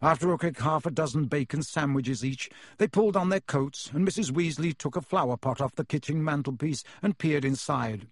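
Guy reading an audiobook, kinda high voice, dead dry close mic, measured and expressive. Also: dry recording. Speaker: audiobook narrator. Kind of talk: scripted storybook narration.

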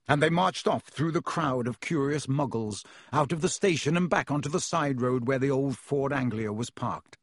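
Husky male storybook narrator. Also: mid-range voice, no room sound, clean studio sound. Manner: measured, vivid storytelling. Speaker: audiobook narrator.

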